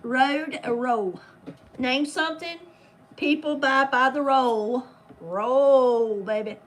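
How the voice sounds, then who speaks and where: High-voiced, unhurried playful woman host. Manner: playful, teasing, reads answers aloud. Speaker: game host. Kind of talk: hosting a casual trivia game with friends.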